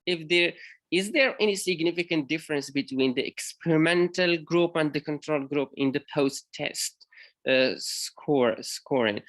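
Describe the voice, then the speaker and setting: A man from Morocco, a university lecturer, giving an academic conference presentation in a halting way, with frequent pauses and self-corrections. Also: on the high side, fairly bright tone.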